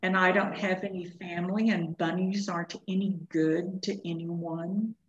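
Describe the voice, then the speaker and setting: A woman's voice: lowish voice, level tone, normal speed, lightly acted. A woman voicing a small, lonely young male bunny who speaks in a plaintive, sniffling way. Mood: sad. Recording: echoey room, dull lo-fi sound.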